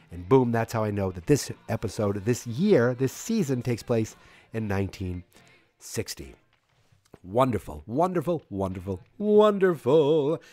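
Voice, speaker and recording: A man's voice: fairly low pitch, a little mellow. A man hosting a podcast, recapping casually in a rambling way with many fillers and restarts. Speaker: podcast host.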